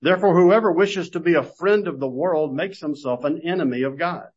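A man teaching a Bible class, telling homey, self-deprecating stories and then reading scripture in a measured way. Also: fairly high pitch, slightly rough. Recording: dull lo-fi recording.

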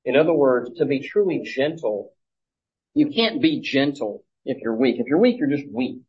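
A male pastor walks his listeners through scripture in a loose, conversational teaching style. He stops and restarts often, and he acts out the lines he quotes. His voice sits at a middle pitch, and the recording sounds a little dull and muffled. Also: expressive, moderate pace. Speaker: pastor teaching a Bible study. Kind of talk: teaching sermon.

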